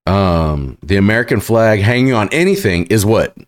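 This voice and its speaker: Sarcastic, halting man reacting to clips. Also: on the low side, animated. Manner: sarcastic, halting with fillers and restarts. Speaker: commentary host. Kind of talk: reaction commentary.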